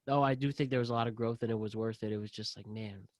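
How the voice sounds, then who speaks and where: A man's voice: mid-range voice, very fast, no room sound. A man hosting a casual podcast interview, talking loosely and jokingly with his guest. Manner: joking, loose, animated storyteller. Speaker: podcast host.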